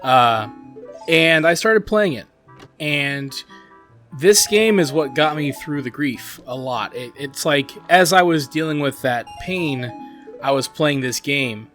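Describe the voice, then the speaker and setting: This gaming channel host talks through what he's playing with sincere, meandering commentary, peppering it with "like" and "you know." He speaks at a medium pitch with a fairly bright tone, and quiet game music plays underneath.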